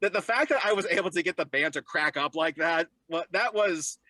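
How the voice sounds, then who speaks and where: An animated young man as an interview guest, spinning stories and leaping into high, squeaky voices whenever he quotes someone. His voice is bright and pushed, sitting a little high, and it comes through dry and close. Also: fairly quick, no room sound. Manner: animated, jumps into high voices when quoting people. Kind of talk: storytelling in a casual interview.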